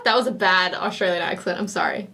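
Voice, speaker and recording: A woman's voice: on the low side, quick pace, over music. A woman co-hosting a reaction show, chatting casually and gushing. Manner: excitable, gushing. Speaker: reaction channel co-host.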